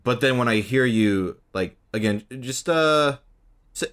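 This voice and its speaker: A man's voice: medium pitch, expressive, unhurried, a bit bright. A man hosting a casual podcast chat, modest and hesitant, with lots of fillers. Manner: modest, self-doubting, hesitant with many fillers. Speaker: podcast host.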